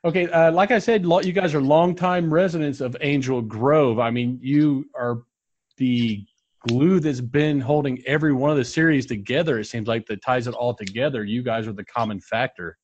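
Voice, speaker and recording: A man's voice: mid-range voice, steady tone, normal speed, a little mellow. A man hosting a podcast interview, polite and laughing along with his guests. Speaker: podcast host. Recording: dull lo-fi audio.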